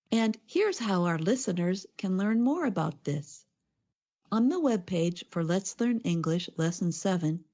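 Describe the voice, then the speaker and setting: Lady co-hosting an english lesson podcast, mellow warm voice, kinda dull sound. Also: mid-range voice. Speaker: co-host. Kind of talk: scripted educational podcast.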